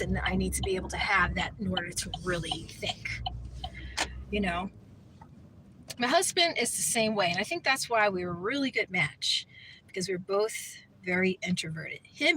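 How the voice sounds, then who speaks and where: A woman's voice: medium pitch, pushed and bright, slight background noise, low-quality recording. A woman vlogger talking in a casual, rambling way, full of "you know" and "like.". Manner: rambling, chatty, heavy on fillers like "you know". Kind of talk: casual vlog chat.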